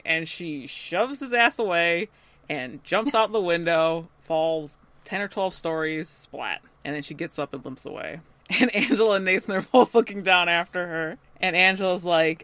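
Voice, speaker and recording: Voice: mid-range voice, normal speed, a bit bright, no room sound. A podcast co-host in casual chat, steadily retelling a TV episode and quoting characters in passing.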